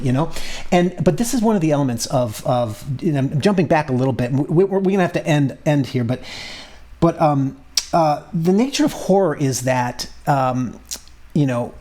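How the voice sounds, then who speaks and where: A man co-hosting a podcast in casual chat, talking with a hesitant, halting delivery full of restarts. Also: on the high side, animated, darkish tone. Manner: hesitant, many restarts and fillers. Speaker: podcast co-host.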